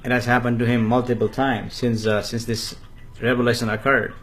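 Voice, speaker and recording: Man speaking slowly about himself. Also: mid-range voice, level tone, a bit bright, soft background music. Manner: refers to himself in the third person, slow and halting with many fillers. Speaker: spiritual teacher answering viewer comments. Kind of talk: live-stream spiritual talk.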